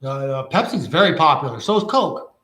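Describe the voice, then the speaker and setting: A man's voice: on the high side, big pitch swings, fairly quick, pushed and bright, voice pushed down. A man imitating a pushy, overeager male store clerk with chirpy sales patter, in an echoey room.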